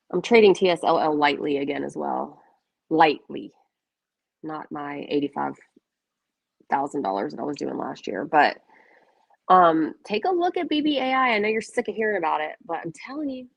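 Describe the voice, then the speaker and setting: A woman's voice: deep voice, creaky, dry recording. A chatty woman with a Southern US accent, hosting a casual stock trading stream and laughing easily. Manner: chatty, laughing, self-deprecating. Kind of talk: casual chat.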